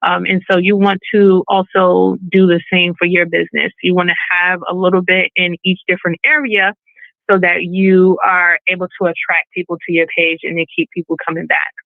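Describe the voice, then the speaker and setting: A woman presents on a video call in a casual, talkative way, with plenty of fillers and playful acted-out quotes. Her voice has a slight gravelly fry. The sound is dry and narrow, like a phone line. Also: on the low side, level tone, normal speed, dry recording. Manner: chatty, filler-heavy, acts out quoted voices. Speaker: webinar presenter and balloon event business owner. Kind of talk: casual online presentation with slides. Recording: phone-like webinar audio, dry.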